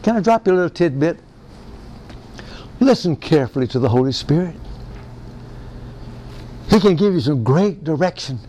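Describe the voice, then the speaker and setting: A man preaching a folksy Bible-study sermon, excitable and often chuckling. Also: fairly high pitch, normal speed, pauses often, slight background noise.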